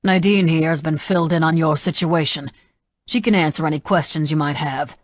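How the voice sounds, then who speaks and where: A woman's voice: low voice, a little fast. A woman voicing a curt, dismissive middle-aged male senator, speaking dryly in an audiobook. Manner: dry, clipped.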